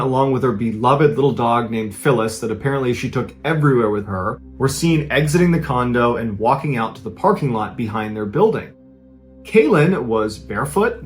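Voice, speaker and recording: A man hosting a podcast, telling a true-crime story in a casual, conversational way. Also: mid-range voice. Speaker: podcast host.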